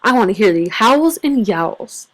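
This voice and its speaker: A woman voicing Grump, a small, impatient monster in a read-aloud storybook, speaking in an urgent, hushed way. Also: mid-range voice, expressive, unhurried.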